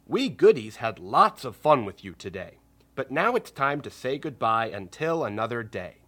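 A man reads a picture book aloud to children in an upbeat, encouraging way. His pitch rises and falls a lot. He takes his time, speaking slowly. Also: big pitch swings, bright, forceful tone. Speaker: children's storyteller.

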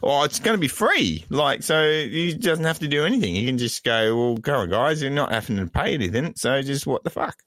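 A man's voice: mid-range voice, big pitch swings, brisk, few pauses, a bit bright, no echo, pitched above the performer's own voice. A man voicing a crude, joking Aussie bloke calling in from Tasmania, with a put-on Australian accent that slips, in a comic podcast bit.

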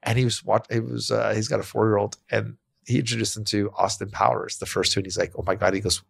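A man's voice: fairly low pitch, level tone, fast, gravelly, husky. A man co-hosting a podcast, talking in a loose, rambling way with many restarts and quoted voices. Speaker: podcast co-host. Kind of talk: casual chat.

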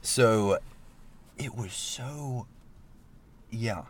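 A man's voice: mid-range voice, extremely slow, dry recording. A man, animatedly telling a story in casual podcast chat, laughing often. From Alabama. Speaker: podcast guest.

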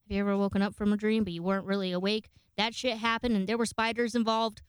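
Woman rambling thru a storytime at home, swears a lot, tons of likes and ums, smooth clear voice right up on the mic. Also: medium pitch, flat delivery, quick pace, dry recording. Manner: chatty, profane, rambling with frequent fillers. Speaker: vlogger. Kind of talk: casual storytime chat. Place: home, indoors. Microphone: close microphone.

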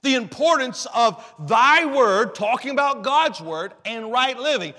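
A man's voice: very high voice, animated, unhurried, sharp tone. A man preaching a sermon, earnest, often repeating and restarting phrases as he quotes scripture. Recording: long reverb in a hall.

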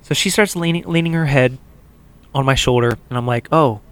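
A man's voice: medium pitch, fairly quick, clean tone, dry recording. A young man, a podcast co-host, telling a long story in casual chat and acting out what other people said. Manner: animated, acts out quotes of others.

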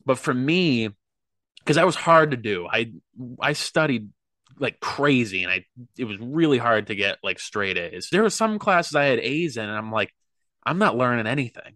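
A man's voice: medium pitch, expressive, normal speed, a bit bright, no echo. A young man talking earnestly and rambling with lots of fillers in a casual podcast chat. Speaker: podcast guest, athlete.

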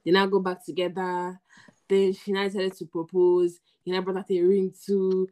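A young Nigerian woman co-hosting a casual podcast chat, telling stories in a relaxed way with pidgin words mixed in. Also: lowish voice, moderate pace. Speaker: podcast co-host.

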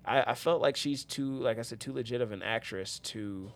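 A man's voice: medium pitch, normal speed, creaky. A man hosting a podcast in casual chat, rambling with many fillers and restarts. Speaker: podcast host.

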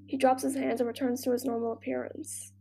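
A woman's voice: high voice, level tone, fairly quick, creaky. A woman reading a fan story aloud with dramatic storytelling. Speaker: narrator. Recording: faint music behind. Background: faint music.

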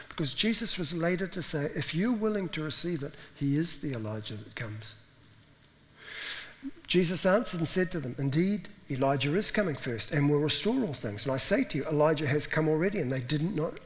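A man's voice: on the high side, a bit bright. Man preaching in a reverberant hall. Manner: conversational, acts out quoted voices. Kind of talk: sermon.

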